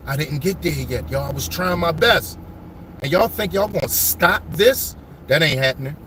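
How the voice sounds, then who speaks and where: A man telling his life story to viewers as he drives around his old city neighborhood, animated and full of street slang. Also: a little high, normal speed, background noise.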